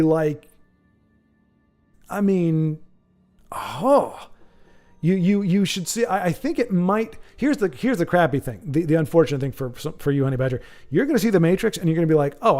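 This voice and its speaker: A man hosting a casual livestream, reading viewer comments aloud and rambling off on animated tangents with lots of restarts. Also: high-pitched, normal speed, soft background music. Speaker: livestream host.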